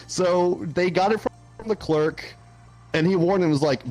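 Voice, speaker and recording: A young man co-hosting a podcast, telling a story in a casual, animated way, laughing often and swearing freely. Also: high-pitched, slow pace, long pauses, soft background music. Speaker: podcast co-host.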